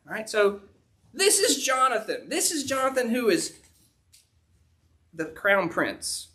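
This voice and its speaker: A man's voice: very high voice, very animated, moderate pace, pauses often, bright, forceful tone. A man, preaching a sermon in a folksy, storytelling way, full of "um" and "you know". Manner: folksy storytelling with frequent fillers. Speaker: pastor. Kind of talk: sermon, retelling a Bible story.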